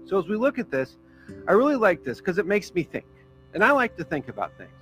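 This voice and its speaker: A man's voice: sits high, big pitch swings, a little fast, a bit bright, faint music behind, rough recording. A man preaching a sermon as pastor, in a casual, conversational way with fillers and small jokes.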